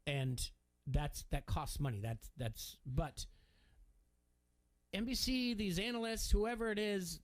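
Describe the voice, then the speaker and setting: Middle-aged sports radio guy, rambling, lots of restarts, slightly high voice. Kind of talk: casual sports talk.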